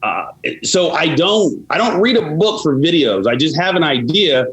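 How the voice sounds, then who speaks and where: Husky-voiced man, podcast guest. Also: a little high, very animated, normal speed, a bit bright, rough recording. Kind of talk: casual podcast interview.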